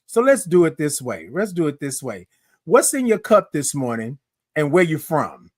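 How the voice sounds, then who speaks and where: A man hosting a live-streamed morning show, chatty and lively, calling out greetings to his viewers. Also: a little high, moderate pace, no echo, clean studio sound. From Houston, Texas. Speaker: host.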